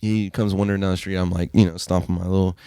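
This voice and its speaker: A man's voice: sits low, flat delivery, quick pace, mellow, clean tone, no room sound, clean studio sound. A man on a podcast telling rambling stories in a loose, casual way, swearing often and using lots of fillers. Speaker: podcast host. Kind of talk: casual storytelling.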